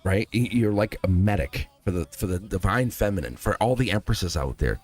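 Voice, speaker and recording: A man's voice: deep voice, expressive, normal speed, darkish tone, breathy edge, faint music behind. A man giving a live tarot reading, speaking earnestly and emphatically straight to the viewer. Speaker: tarot reader.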